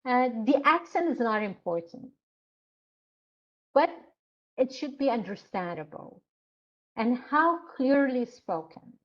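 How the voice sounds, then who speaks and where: Slow, deliberate woman instructor lecturing. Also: high-pitched, sing-song, dull audio. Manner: slow, explanatory, with frequent hesitations. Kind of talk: online lecture.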